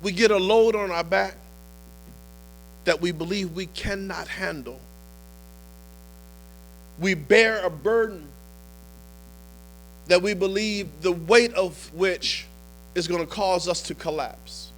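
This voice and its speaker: A male pastor delivers a storytelling sermon in a strikingly high, forceful voice that climbs into impassioned shouts. Soft music plays faintly underneath. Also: slow, long pauses.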